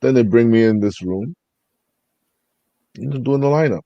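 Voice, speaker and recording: A man's voice: mid-range voice, normal speed, mellow, no echo, highs cut off. A man co-hosting a podcast, telling stories in casual chat, swearing freely and acting out both sides. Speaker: podcast co-host.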